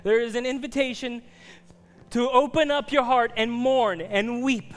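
A male pastor with a very high voice gives an earnest, pleading altar call. He sometimes drops to hushed near-whispers, and soft instrumental music plays faintly behind him. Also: fairly even intonation, a little slow, long reverb tail.

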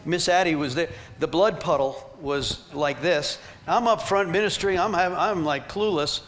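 A man teaching a ministry team and carrying his points through lively, emphatic stories. His voice sits a little high for a man. A faint background noise runs under his talk. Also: moderate pace. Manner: animated, emphatic storytelling with laughs.

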